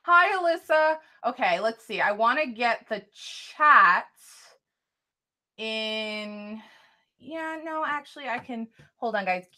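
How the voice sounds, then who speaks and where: A woman's voice: a little high, animated, slow, sharp tone. A woman chatting casually on a live stream, reading out viewer names, thanking viewers and apologizing a lot. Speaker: live-stream tarot reader.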